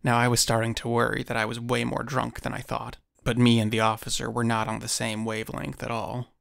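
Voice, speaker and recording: A man narrating a first-person encounter story in a measured storytelling manner with dry asides. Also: medium pitch, monotone, creaky, a bit bright, dry recording.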